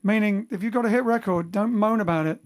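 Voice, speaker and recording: Hosting a band livestream from home in lockdown, the bandleader and singer speaks fast in a high voice. Between numbers his talk is chatty and rambling, with frequent self-corrections.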